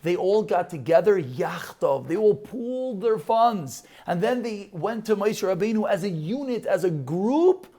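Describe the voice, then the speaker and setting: Animated rabbi telling a parable. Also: male voice, high-pitched, measured pace, few pauses. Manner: animated storytelling, rhetorical questions. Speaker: rabbi giving a Torah talk. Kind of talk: sermon to a live audience.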